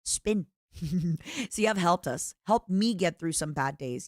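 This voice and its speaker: A woman streamer chatting casually and reading fan letters, expressive and playful, swinging from excited squeals to soft murmurs, her throat a little strained. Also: on the low side, takes it slowly, vocal fry, no echo, clean studio sound.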